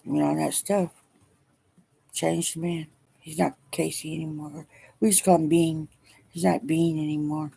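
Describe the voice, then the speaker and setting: A middle-aged woman speaking haltingly and wearily in a personal video diary, emotional as she talks. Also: deep voice, level tone, gravelly, mellow, slightly rough. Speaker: vlogger.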